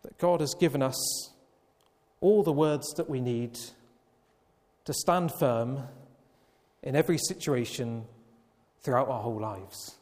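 A man preaching a Sunday evening sermon, slow and emphatic, with long pauses. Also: medium pitch, a little mellow. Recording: long reverb of a church hall.

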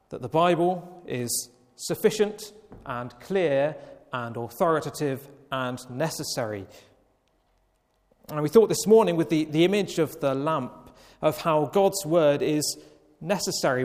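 A man preaching a Sunday evening sermon, slow and emphatic, with long pauses. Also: on the high side, a little mellow. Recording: long reverb of a church hall.

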